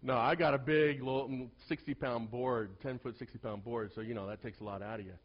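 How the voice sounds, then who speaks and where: Husky guy pastor preaching in church, goes quiet then loud, sound kinda dull and muffled. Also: mid-range voice, a little fast. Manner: animated storyteller, swings from quiet to loud. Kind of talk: sermon with personal storytelling.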